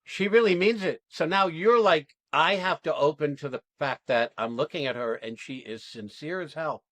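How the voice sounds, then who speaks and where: A man's voice: on the high side, moderate pace, fairly bright tone, no echo. A man coaching actors through an exercise, talking in an emphatic, blunt way and swearing freely. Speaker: acting coach. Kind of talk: coaching an acting class demo.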